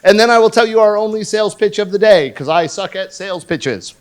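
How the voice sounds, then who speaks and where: A man in his fifties talks from a conference stage with a fairly high voice. He is blunt and profane, and he mixes jokes into his points. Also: lively intonation, brisk, clear, resonant tone. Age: 50s. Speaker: conference speaker. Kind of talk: conference talk.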